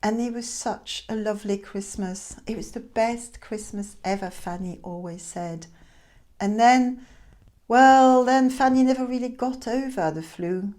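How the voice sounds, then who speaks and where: A woman telling a classic tale aloud in a chatty, expressive way with hesitant asides. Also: fairly high pitch, unhurried. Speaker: storyteller. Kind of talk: informal oral storytelling.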